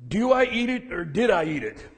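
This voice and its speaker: A man voicing his gruff 98-year-old grandfather, blunt and folksy, who talks in cliches, in a room with long reverb. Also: high-pitched, sing-song, moderate pace, heavily acted. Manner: speaks in cliches and homespun sayings.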